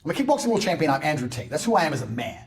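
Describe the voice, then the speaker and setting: A man ranting on a podcast in a boastful, mocking way, mimicking people in loud bursts. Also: on the high side, very animated, rapid-fire. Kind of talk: animated podcast rant.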